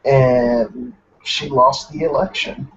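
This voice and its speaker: A man's voice: mid-range voice, fairly even intonation, slow pace, muffled recording, background noise. A man in a casual stream chat, telling stories loosely with many fillers. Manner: loose, filler-heavy storytelling.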